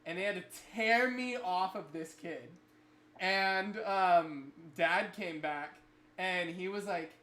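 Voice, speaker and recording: A man's voice: high-pitched, slow. A man on a livestream, telling a childhood story casually and animatedly, with many fillers. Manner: animated, rambling anecdote with fillers. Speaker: livestream co-host. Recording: echoey room with faint noise.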